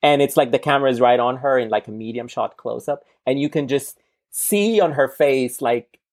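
A co-host of a casual film discussion, speaking in a thoughtful, measured way with frequent fillers like "sort of" and "um.". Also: mid-range voice, darkish tone. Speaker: podcast co-host.

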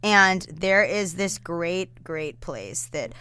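A woman's voice: on the low side, slow pace, smooth, no echo. A young woman co-hosting a podcast, telling a story in a casual, giggly way and acting out the other people in it. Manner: animated, giggly, acts out quotes in voices. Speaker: podcast co-host.

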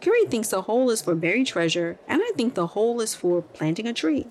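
A woman's voice: fairly high pitch, sing-song, a little fast, a little mellow, a little hiss or hum. A woman voicing a curious, eager young boy in a children's story, enthusiastic and full of questions.

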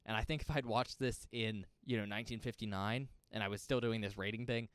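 Smooth-voiced young man, chatty. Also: on the low side, steady tone, a little fast, a bit bright, no echo. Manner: chatty, upbeat, uses "like" often. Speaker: podcast co-host. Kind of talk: casual movie review chat.

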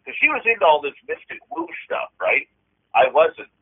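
A man's voice: fairly high pitch, wildly swooping pitch, husky. Man telling a story over a phone line. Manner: earnest, halting, frequent restarts. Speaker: guest. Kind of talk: personal storytelling on a call-in show. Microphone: telephone.

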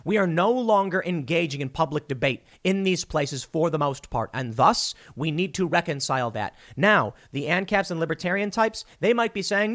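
Casting: male solo political commentator, argumentative and emphatic, voice a bit high. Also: lively intonation, normal speed, few pauses, a bit bright. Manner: emphatic, argumentative, reads out news quotes.

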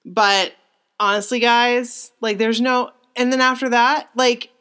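A young woman chatting as a co-host, her slightly high voice spilling out an emotional story. She rambles, restarts and leans on fillers as she gets worked up. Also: slow, clean tone. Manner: excited, rambling, emotional retelling with many fillers. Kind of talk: casual chat.

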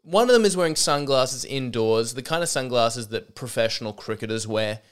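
A man's voice: medium pitch, expressive, moderate pace, clean tone. A man, feeling a little sick, telling a rambling, sweary comedy story as a podcast host. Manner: rambling, self-interrupting, sweary.

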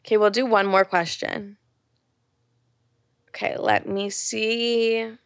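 A young woman in her twenties hosts a solo podcast, candidly telling stories in casual chat packed with "like" and frequent swearing. Her medium-pitched voice is creaky and clean, with fairly even intonation and a slow pace. It's studio quality, with no room sound.

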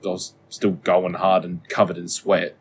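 A man's voice: sits low, little pitch movement, moderate pace. A man co-hosting a casual podcast, rambling and swearing as he chats. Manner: rambling, sweary, self-mocking. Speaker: podcast co-host. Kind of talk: casual chat.

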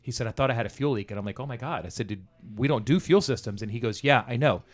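A man's voice: medium pitch, fast talker. A man telling a profanity-laced story about an old job in casual conversation, acting out the dialogue. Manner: profane, animated anecdote-telling with quoted dialogue.

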